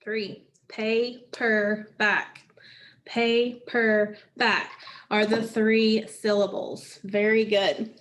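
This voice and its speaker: Slow, patient phonics teacher woman. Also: a little high, a bit bright. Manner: slow, patient, asks and answers own questions. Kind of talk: phonics lesson for children.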